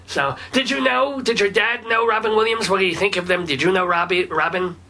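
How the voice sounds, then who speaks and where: A man's voice: sits high, steady tone, fairly quick, bright, forceful tone. A man voicing a cranky, foul-mouthed older rabbi with a phlegmy, throaty voice, rambling and swearing in a comedic radio bit. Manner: rambling, blustery, swears casually.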